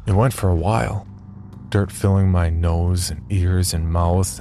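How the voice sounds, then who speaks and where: Deep male narrator, wry and deadpan, first-person horror read over music.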